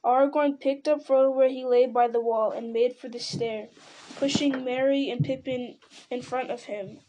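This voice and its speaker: A woman's voice: sits high, steady tone, normal speed, dark tone. A woman reading a fantasy novel aloud in dramatic storytelling style, with occasional slips and restarts. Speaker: reader.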